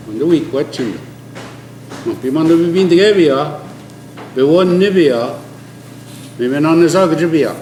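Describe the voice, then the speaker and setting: An older man giving an oral history, earnest and emphatic, mixing an Indigenous language with English, often dropping to a low quiet tone. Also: a little hiss or hum. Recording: echoey room with faint ambience.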